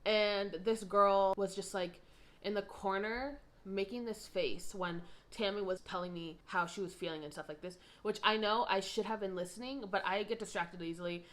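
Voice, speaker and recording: A young woman in her twenties telling a story in casual chat, rambling with frequent asides. She gets louder and higher when she is indignant. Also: steady tone, normal speed.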